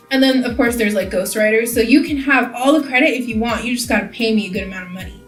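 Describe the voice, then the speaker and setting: A woman's voice: fairly high pitch, quick pace, few pauses, recorded from a distance, faint music behind. Young woman, from California, rambling vlog chat, echoey room, voice a little off-mic. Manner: rambling, chatty, lots of "like". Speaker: beauty vlogger. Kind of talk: casual chat while doing makeup.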